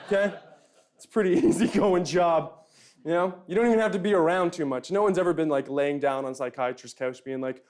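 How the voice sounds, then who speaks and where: A young male stand-up comedian talks through his set in a dry, self-deprecating way. His voice sits on the higher side for a man. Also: brisk, a little mellow.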